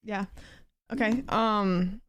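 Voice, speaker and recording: A woman's voice: mid-range voice, fairly even intonation, extremely slow, fairly bright tone, smooth. A woman hosting mock improv interviews, polite and hesitant, with many "um"s and "like"s. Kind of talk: improv comedy.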